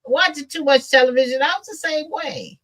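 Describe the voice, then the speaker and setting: Animated, bright-voiced woman telling stories. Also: high voice, fairly quick. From Midwestern United States. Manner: laughing, animated storytelling with dialect. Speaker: host. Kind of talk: casual chat while sewing.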